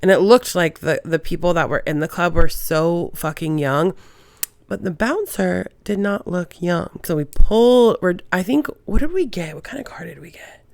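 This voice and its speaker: A woman's voice: lowish voice, moderate pace, vocal fry, no echo. Young female host, casual and profane storyteller; dry, close sound. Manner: swears freely, animated retelling with quoted voices. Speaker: podcast host.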